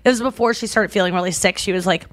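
A woman's voice: mid-range voice, racing, no room sound. A woman co-hosting a podcast, chatting casually and telling stories, acting out the people she quotes. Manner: chatty storyteller who acts out quoted people. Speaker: podcast co-host. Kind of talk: casual chat.

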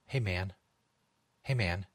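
A man's voice: low-pitched, slow pace, no echo, clean studio sound, voice pushed down. A man playing a laid-back stoner with a drawling, conspiratorial way of talking. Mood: sly. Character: laid-back adult stoner asking for edibles.

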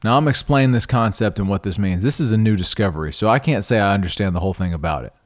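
A fast-talking middle-aged man with a lowish voice hosts a podcast and tells a personal story. Conversational in tone, he often restarts and repeats words, getting animated whenever he quotes himself.

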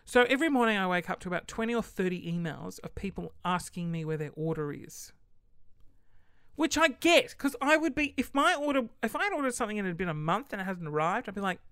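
A woman's voice: mid-range voice, expressive, brisk, fairly bright tone, smooth, no echo, studio quality. Chatty, exasperated young woman. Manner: chatty and exasperated, often laughing mid-sentence. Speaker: small online shop owner. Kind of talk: casual chat to camera.

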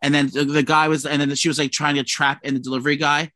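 A man's voice: fairly high pitch, level tone, quick pace, pushed and bright, dry recording. A man co-hosting a casual gossip podcast, telling a profane, rambling story full of restarts. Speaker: podcast co-host.

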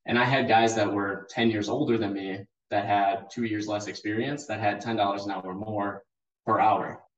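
A young man in his twenties speaking as a guest on a podcast, earnest and emphatic. His fairly low voice comes through from a distance with muffled, dull audio and a noticeable room echo. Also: fairly even intonation, moderate pace. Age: 20s. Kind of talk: casual conversational interview.

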